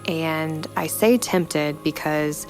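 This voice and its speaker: A young woman giving a personal faith testimony in a reflective, halting way, full of "you know" fillers. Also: deep voice, soft background music. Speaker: storyteller sharing a personal testimony.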